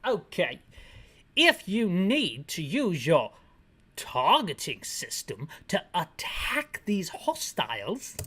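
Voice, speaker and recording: A woman voicing a stiff, by-the-book male HQ radio operator, reading each line slowly and over-enunciated. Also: fairly low pitch, big pitch swings, husky. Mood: stiff, formal. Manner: slow, over-enunciated reading of game text.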